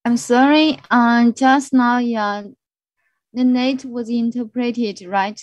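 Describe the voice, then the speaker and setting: A woman with a Mandarin Chinese accent teaching an English vocabulary class online, speaking slowly and repeating each word. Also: on the high side, fairly even intonation, no echo. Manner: slow, repeats words, mixes in Mandarin explanations. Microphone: video call.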